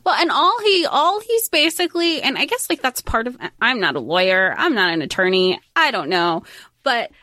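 A woman's voice: fairly high pitch, normal speed, no echo, clean studio sound. A woman co-hosting a podcast, chatting casually and animatedly about a film and acting out its lines. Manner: animated, acts out film lines in quoted voices. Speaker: podcast co-host. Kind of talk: casual chat.

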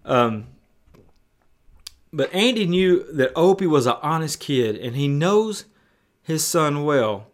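A man's voice: on the high side, expressive, measured pace. A man preaching in a folksy, hesitant way, retelling a TV episode with frequent fillers.

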